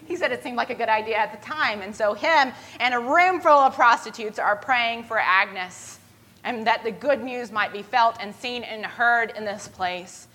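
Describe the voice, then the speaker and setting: A woman preaching a sermon, retelling a story with lively voiced quotes. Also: a little high, normal speed, low-quality recording.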